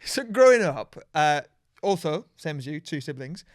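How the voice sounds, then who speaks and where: A man co-hosting a podcast, with a fairly high voice that rises and falls a lot. He talks reflectively and often stops and restarts his sentences. The recording is dry. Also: big pitch swings, moderate pace, no room sound. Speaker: podcast co-host. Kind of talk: casual chat.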